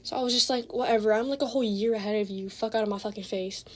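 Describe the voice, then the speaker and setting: A teenage girl telling a casual storytime with lots of slang and cursing, animated as she retells the drama. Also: mid-range voice, fast. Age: teens.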